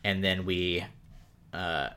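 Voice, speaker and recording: Woman, low pitch, podcast co-host, casual, sarcastic. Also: fairly even intonation, slow, fairly bright tone. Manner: sarcastic, laughs often. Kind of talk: casual book discussion.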